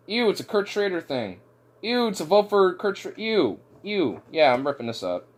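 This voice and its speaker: A loose, swearing young man with a slightly high voice, chatting casually to his viewers and laughing often. He rambles and drifts between topics. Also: sing-song, moderate pace, a little hiss or hum.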